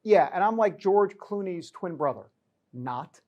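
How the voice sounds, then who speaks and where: A man's voice: high voice, normal speed, darkish tone, lo-fi sound. A man hosting a talk show, giving comedic news commentary in a sarcastic, joking way.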